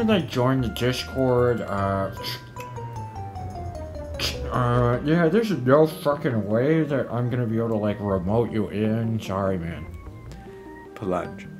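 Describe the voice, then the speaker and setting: A man giving casual gameplay commentary, profane and easily startled. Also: lowish voice. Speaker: gaming video creator.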